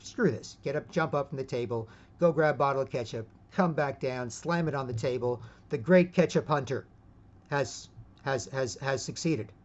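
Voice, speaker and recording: A man in a rambling monologue who keeps asking 'right?' and restarts his sentences. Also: medium pitch. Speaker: vlogger. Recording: dull lo-fi recording.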